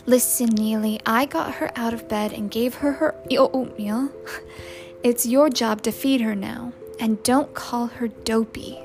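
A young older sister in a storybook, calling out high and loud in exasperation, as a woman reader plays her. She scolds her brother sharply, set against loud background music. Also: steady tone, unhurried. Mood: scolding.

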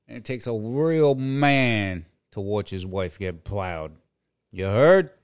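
A man's voice: lowish voice, steady tone, slow, clean tone, no echo, clean studio sound. A middle-aged man hosting a podcast, delivering a crude comedic rant full of swearing, repeated phrases and chuckles. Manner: profane, repetitive, chuckling. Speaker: podcast host.

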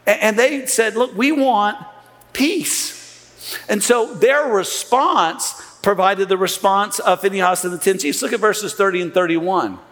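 A man preaching a sermon as pastor, animated and acting out the voices he quotes. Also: high-pitched, normal speed, hardly any pauses. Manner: animated, acts out quoted voices, repeats words when restarting. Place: church hall. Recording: long hall reverb.

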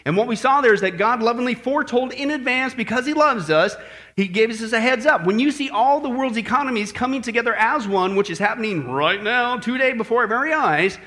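A man's voice: extremely high pitch, expressive, brisk, bright, forceful tone. A male pastor preaching a sermon in a folksy, joking manner, telling a story before moving into his teaching. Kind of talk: sermon with joke.

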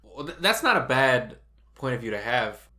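A man co-hosting a casual podcast chat, asking relaxed, probing questions. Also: medium pitch, moderate pace.

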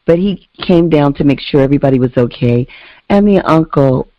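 A woman's voice: fairly quick, no room sound. A woman casually telling a story on a podcast, animatedly acting out the voices of the people in it. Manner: animated, acts out quoted voices with big pitch jumps. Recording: dull lo-fi, dry sound.

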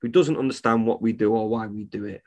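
A man's voice: fairly low pitch, fast, darkish tone. A man, a reptile shop owner, talking bluntly and indignantly as a podcast guest and swearing freely. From United Kingdom. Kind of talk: casual podcast conversation.

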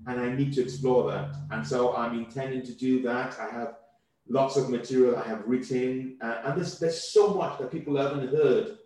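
A man from Nigeria, a comedian speaking as a guest in a casual interview, quick and animated, often repeating words as he thinks. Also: medium pitch. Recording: very echoey room.

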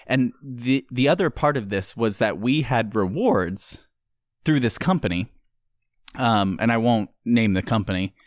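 A man telling a story in casual chat, animated and acting out the voices of the people in it. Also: medium pitch, unhurried, no echo, studio quality.

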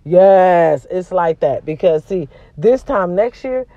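A woman's voice: lowish voice, lively intonation, slow pace, no room sound, phone-quality sound. A woman hosting a casual vlog, venting to her viewers in a blunt, profane way, with a sore throat from a cold. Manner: blunt and profane, swings between loud and quiet. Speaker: vlog host.

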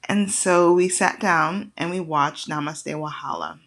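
A young woman talks casually on her podcast, telling stories with quick, playful impressions. Her voice sits on the low side for a woman. Her delivery is relaxed and conversational. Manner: animated storyteller who acts out quotes. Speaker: podcast host. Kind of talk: casual monologue.

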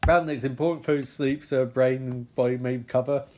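A man with a mid-range, darkish voice talks quickly and with fairly even intonation, recapping a TV episode live. His casual commentary rambles, swears, and leans sarcastic, and he often forgets the characters' names; there's slight background noise.

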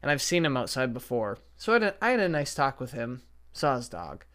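A man's voice: mid-range voice, big pitch swings, fairly quick, fairly bright tone. A young man hosting a casual solo podcast from a basement at home, rambling and cursing in an exasperated way into his podcast microphone. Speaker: podcast host. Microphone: podcast setup microphone.

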